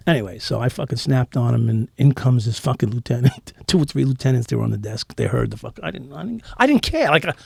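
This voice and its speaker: A man's voice: medium pitch, creaky, breathy edge, dry recording, clean studio sound. A middle-aged man, a former cop telling stories bluntly and profanely in an interview, acting out what people said. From New York. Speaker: interview guest, former police officer. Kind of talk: candid storytelling in a podcast interview.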